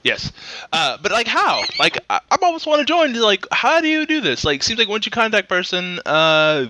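A man's voice: high voice, wildly swooping pitch, moderate pace, sharp tone, a little hiss or hum. A man co-hosting a podcast in casual comedic banter, playful, swearing casually and tripping over words. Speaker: podcast co-host.

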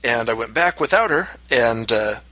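Casual podcast man, bright dry voice, animated storyteller. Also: normal speed, dry recording, poor audio. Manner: animated, acts out quotes in high voices. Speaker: podcast co-host.

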